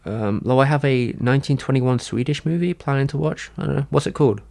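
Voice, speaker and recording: A man's voice: medium pitch, quick pace, vocal fry, few pauses, a little mellow. A man chatting casually on a livestream, answering his chat in a rambling, hesitant way with many fillers and restarts.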